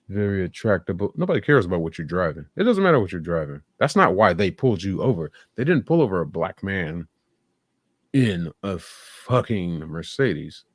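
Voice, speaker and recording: A man's voice: low-pitched, no echo. A man giving blunt, sarcastic live reaction commentary, swearing freely. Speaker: streamer reacting to videos.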